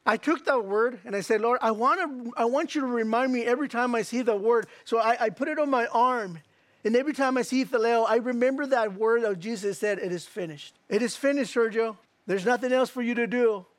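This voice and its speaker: A man preaching a sermon as pastor, reading scripture slowly and asking the listeners direct questions. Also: extremely high pitch, dry recording. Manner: emphatic, slows down to read scripture, asks the crowd direct questions.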